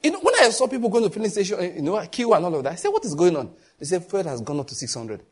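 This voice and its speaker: Husky Nigerian pastor preaching. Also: male voice, sits high. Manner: animated storytelling, quick asides and laughter. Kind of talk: sermon.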